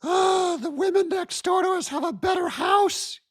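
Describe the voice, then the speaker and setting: A man voicing a shrill, whiny nagging wife in a high falsetto. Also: a little slow, background noise. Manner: whiny, complaining. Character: shrill nagging wife, adult woman, complaining.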